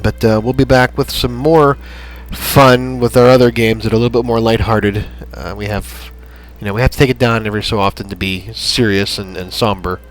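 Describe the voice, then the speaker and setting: A man hosting a gaming channel, chatting in a rambling, halting way with lots of fillers as he wraps up a playthrough. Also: on the low side, fairly even intonation, rough recording. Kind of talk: casual gameplay commentary. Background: soft background music.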